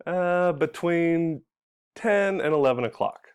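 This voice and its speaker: A young man from California teaching English pronunciation, talking slowly and clearly and drawing out the example sounds. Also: fairly high pitch. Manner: drawn-out, exaggerated sounds when modeling examples.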